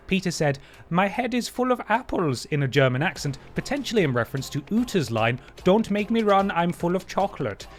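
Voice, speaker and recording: A man hosting a game livestream, chatting wryly and thanking viewers. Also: mid-range voice. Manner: chatty and wry, with playful voice jumps. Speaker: livestream host. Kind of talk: casual stream chat, thanking viewers.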